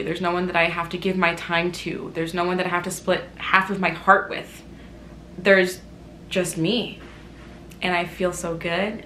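A young woman talking openly in a personal vlog, emotional and a little teary, moving between quiet reflection and loud self-mocking outbursts. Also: mid-range voice. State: teary, recovering from crying. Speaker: vlogger. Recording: echoey room.

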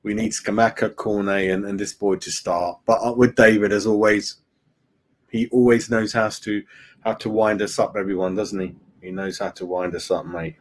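A man's voice: on the low side, level tone, moderate pace. A man hosting a casual fan live stream, chatting loosely, greeting viewers by name and saying "mate" a lot. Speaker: fan channel host.

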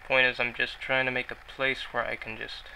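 A man's voice: medium pitch, level tone, brisk, vocal fry, sharp tone, a little hiss or hum, low-quality recording. A man giving rambling, self-mocking commentary while he plays a video game, often mumbling to himself. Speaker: gaming YouTuber. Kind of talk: casual Let's Play commentary.

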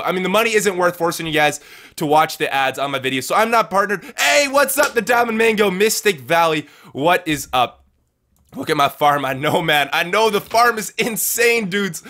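A man hosting a live game let's-play with a bright, forceful voice sitting a bit high. He talks energetically to his viewers, repeats himself often and keeps calling them dudes and guys. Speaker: gaming livestream host. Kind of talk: live let's-play commentary reading chat.

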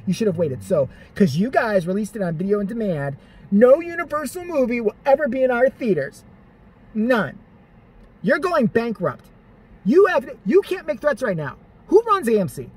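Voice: medium pitch, very animated, moderate pace, breathy edge. A vlogger ranting in profane, sarcastic, exasperated commentary.

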